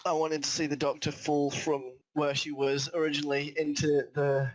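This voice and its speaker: Male guest, casual, animated, rambling and complaining. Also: on the high side, normal speed, poor audio. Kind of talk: casual chat.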